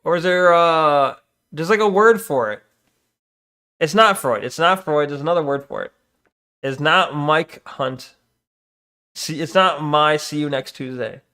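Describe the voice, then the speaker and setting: A man's voice: on the high side, unhurried, pauses often, bright, forceful tone, clean tone. A young man streaming, chatting casually and rambling with a profane, joking manner as he reads his chat.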